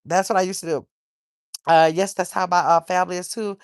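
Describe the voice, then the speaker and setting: A woman's voice: lowish voice, fairly even intonation, brisk, clear, resonant tone, no echo, clean studio sound. Chatty woman hosting a livestream. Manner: chatty, rambling, reads viewer comments aloud. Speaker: livestream host. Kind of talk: casual livestream chat reading comments.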